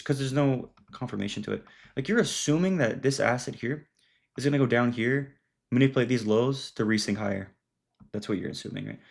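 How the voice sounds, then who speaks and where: Young guy going over trades, gravelly husky voice, lots of "dude" and "like". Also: medium pitch. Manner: loose, filler-heavy, says "dude" and "bro". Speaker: trading educator. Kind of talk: casual screen-share trading recap.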